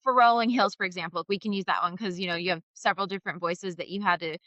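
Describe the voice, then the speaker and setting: A woman's voice: lowish voice, steady tone, very fast, fairly bright tone, dry recording, dull audio. A woman hosting an interview, asking curious, rambling questions. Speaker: host. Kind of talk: casual interview.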